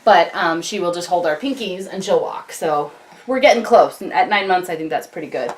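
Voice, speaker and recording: A young mother chats to a camcorder at home, rambling along with plenty of ums and likes. Her voice sits a little low for a woman, and she keeps it casual and conversational throughout. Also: brisk. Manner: chatty, many ums and likes, breaks off to talk to baby. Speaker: vlogger, mother. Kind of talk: casual chat to camera. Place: home, indoors. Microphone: camcorder on a tripod.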